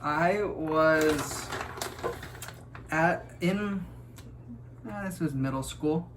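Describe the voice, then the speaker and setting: A man's voice: on the high side, background noise. Laid-back young man telling stories. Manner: laid-back, rambling storyteller. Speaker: youth ministry leader. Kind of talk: casual chat while cooking.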